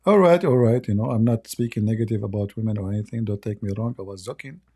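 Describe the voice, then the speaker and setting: A man's voice: on the low side, fast talker, warm tone. A man whose first language is Arabic, speaking in a rambling, joking and mocking way with broken English. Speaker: online commentator. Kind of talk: casual joking monologue.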